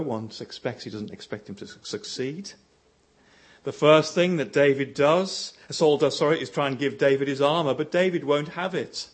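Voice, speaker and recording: A man preaches, telling a story with lively animation, lifting his voice for quotations and letting it sink low to drive his points home.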